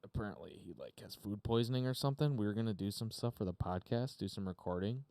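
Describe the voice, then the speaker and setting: A man's voice: on the low side, lively intonation, quick pace, vocal fry, warm tone, no room sound. A man hosting a podcast, chatting unscripted on a live stream from his home studio, rambling with lots of fillers and casual swearing. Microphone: desk mic through a mixer.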